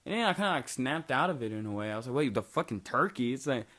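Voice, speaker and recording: A young man telling a story to camera in a rambling, profane, animated way, packed with fillers. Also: mid-range voice, quick pace. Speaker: vlogger. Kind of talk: casual storytelling.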